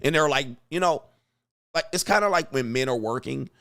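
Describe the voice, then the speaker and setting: A man hosting a commentary vlog, talking in a profane, animated way and acting out quotes. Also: mid-range voice, normal speed, smooth. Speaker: host.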